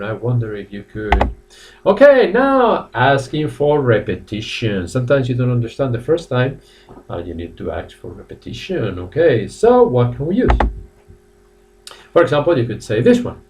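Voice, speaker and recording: A male English teacher runs a live online class, saying each model phrase slowly and then repeating it. His pitch moves a lot and sounds animated. He stands a little away from the microphone, so the sound is somewhat distant. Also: slight background noise. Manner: lively, drawn-out model phrases, repeats them, greets chat viewers. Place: language academy classroom.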